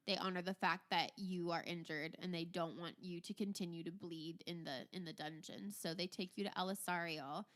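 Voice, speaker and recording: A woman's voice: fairly low pitch, smooth. A woman narrating a tabletop game as game master, casual with fillers.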